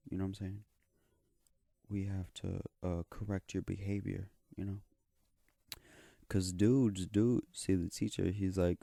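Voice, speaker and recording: A man's voice: low-pitched, level tone, moderate pace, gravelly, dark tone, no room sound, studio quality. A young man telling a story in a rambling, profane, slangy way. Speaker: vlogger. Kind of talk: casual storytelling.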